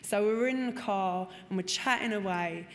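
A woman's voice: mid-range voice, moderate pace. A woman, telling her recovery story frankly and expressively, swearing and acting out what people said. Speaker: speaker sharing a recovery story. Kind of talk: personal testimony talk. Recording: long hall reverb, faint room noise.

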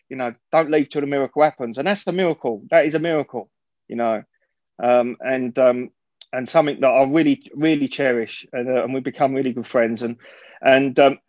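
A man's voice: medium pitch, darkish tone, no echo, lo-fi sound. A man giving a frank, rambling personal share at a recovery meeting, swearing and restarting his sentences often.

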